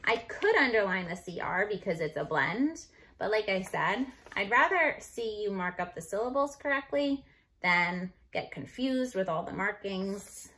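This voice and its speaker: A woman teacher walking young students through spelling and marking up words, sounding out each syllable and letter slowly and clearly. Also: mid-range voice, animated, pushed and bright. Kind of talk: recorded phonics review lesson. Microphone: computer microphone.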